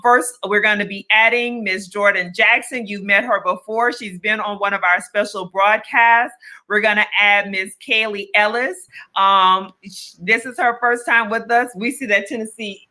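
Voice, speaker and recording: Bright-voiced woman co-hosting a podcast. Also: mid-range voice, poor audio. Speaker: podcast co-host. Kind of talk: casual live broadcast chat.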